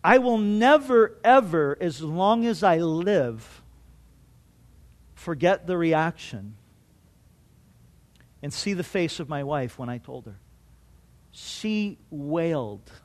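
A middle-aged male pastor preaching a sermon, telling a personal story earnestly and swinging between loud and hushed. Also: fairly high pitch, lively intonation, slow pace, pauses often. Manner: earnest storytelling with restarts and strong swings in loudness.

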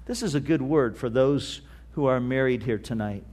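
A middle-aged man preaching a sermon in a storytelling way, with many restarts and fillers, slowing down to stress key phrases. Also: mid-range voice, a little mellow. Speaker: pastor.

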